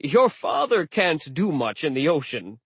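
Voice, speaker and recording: Man doing a cheery grandfatherly sea god, high and breezy, storybook. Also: big pitch swings, unhurried, fairly bright tone, breathy edge, no room sound, exaggerated voice. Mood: cheerful. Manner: jovial, breezy.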